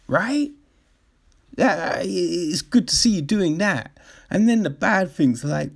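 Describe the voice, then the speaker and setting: Slow-talking, animated man. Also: mid-range voice, gravelly. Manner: swears freely, exasperated storytelling. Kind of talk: casual ranting monologue.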